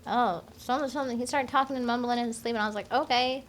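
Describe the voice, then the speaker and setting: A woman's voice: fairly high pitch, fairly even intonation, rapid-fire. A woman streaming a game, chatting and joking with exclaimed lines and muttered asides. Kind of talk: casual game stream chat. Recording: noisy stream audio.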